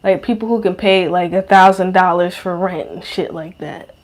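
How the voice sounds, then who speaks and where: A woman's voice: lowish voice, moderate pace. Profane, rambling young woman podcaster. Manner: profane, slangy, rambling with many fillers. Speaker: podcast host. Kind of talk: casual monologue.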